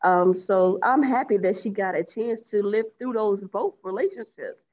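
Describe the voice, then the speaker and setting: A woman's voice: mid-range voice, moderate pace. Woman on dull lo-fi call audio. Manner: earnest, storytelling. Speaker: caller. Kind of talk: casual group call.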